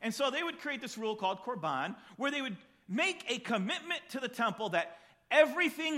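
A man preaching a sermon, reading scripture and then explaining it in an animated, conversational way. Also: sits high, fairly quick. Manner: animated, acts out voices in the story. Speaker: pastor.

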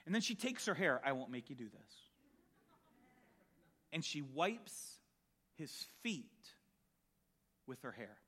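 A man preaching a sermon, telling a Bible story with animated storytelling and acting out the voices of the people in it. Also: mid-range voice, slow pace, pauses often, breathy edge.

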